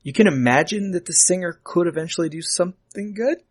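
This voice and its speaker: A man's voice: sits high, brisk. A man hosting a podcast in a playful, teasing chat. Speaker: podcast host.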